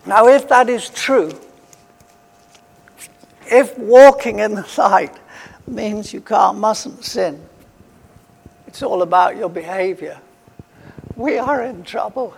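A man delivers a sermon in a high voice at an unhurried, deliberate pace. He leans hard on his points and repeats key phrases. Long reverb trails every line, as in a large hall. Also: vocal fry, slightly rough. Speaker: preacher.

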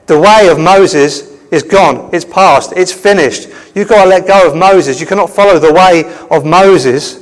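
A man's voice: high-pitched, unhurried, hardly any pauses, in a large hall, poor audio. A man voicing God speaking firmly and declaratively, in a sermon retelling. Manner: firm, declarative. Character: God, a firm commanding male voice.

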